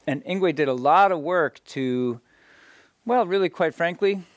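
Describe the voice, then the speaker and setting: Halting, rambling male storyteller. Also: fairly high pitch, no room sound. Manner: halting, many restarts and "you know". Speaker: speaker telling stories to an audience. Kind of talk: casual storytelling talk.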